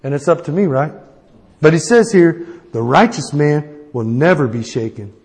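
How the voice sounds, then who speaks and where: A man's voice: fairly high pitch, lively intonation, normal speed, a little mellow. Man preaching in a reverberant hall. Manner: call-and-response asking amen; personal, plain-spoken exhortation. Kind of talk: sermon.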